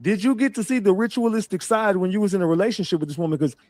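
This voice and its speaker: A man's voice: high-pitched, rapid-fire, darkish tone, no echo. A man hosting a reaction commentary, teasing and profane, asking the same questions again and again. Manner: teasing, profane, repeats himself. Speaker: commentary host.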